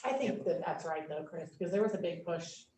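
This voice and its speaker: Woman, audience member, deep voice, distant mic with noticeable noise. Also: expressive, mellow. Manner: quick, chiming in. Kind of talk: workshop discussion. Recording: echoey room, mic far off, clear noise.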